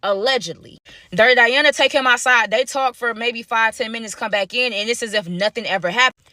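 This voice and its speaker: Young woman spilling a story, slangy and dramatic, fast and bright, dry close mic. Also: a little high, no room sound. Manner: animated, slangy, dramatic repetition. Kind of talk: storytime monologue.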